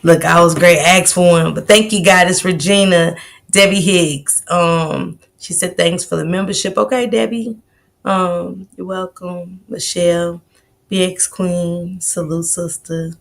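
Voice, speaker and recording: A woman hosting a casual livestream, greeting viewers by name in relaxed, slangy banter. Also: fairly low pitch, measured pace, gravelly. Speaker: livestream host.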